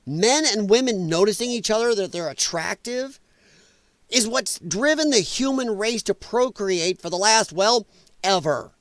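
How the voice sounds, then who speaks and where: A man's voice: high voice, expressive, measured pace, a bit bright, no echo, clean studio sound. Sarcastic, profane man ranting on stream. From American Midwest. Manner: profane, sarcastic, mocking mimicry of others. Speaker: host of a political commentary stream. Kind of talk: ranting commentary.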